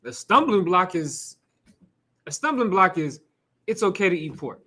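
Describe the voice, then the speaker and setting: His voice sits high and sing-song, a little slow, with a sharp tone. Leading a scripture class, he gives a loose, chatty sermon full of rhetorical questions, the odd swear word, and laughs and asides to the room.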